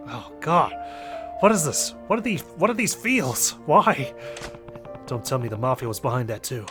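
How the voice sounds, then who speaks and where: Animated man playing a video game. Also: mid-range voice, normal speed, music in the background. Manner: animated, reacting with exclamations and laughs. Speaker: let's play host. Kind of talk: casual gameplay commentary.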